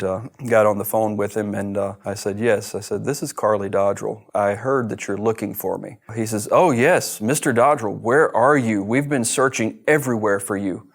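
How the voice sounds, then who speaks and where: A middle-aged man from the United States recounts his story as an interview guest. His voice sits low and stays flat in tone. He speaks earnestly and tends to repeat himself when a memory stirs him. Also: gravelly. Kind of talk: personal storytelling.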